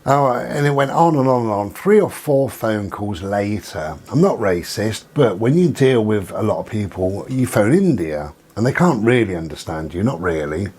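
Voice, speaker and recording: Husky exasperated man telling a story. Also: lowish voice, animated, moderate pace, few pauses, darkish tone. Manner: exasperated, retells phone calls in quoted dialogue. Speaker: vlogger. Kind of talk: casual storytelling rant.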